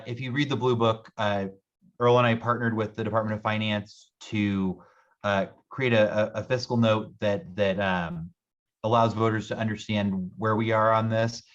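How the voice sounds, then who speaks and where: A man presenting a city budget at a public meeting, talking rapidly with many repeated words and restarts. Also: on the low side, a bit bright, lo-fi sound.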